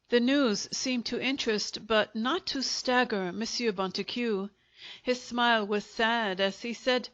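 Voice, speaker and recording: A woman reading a short story aloud as an audiobook narrator, in a measured storytelling manner. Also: on the high side, a bit bright. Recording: dull, lo-fi audiobook recording.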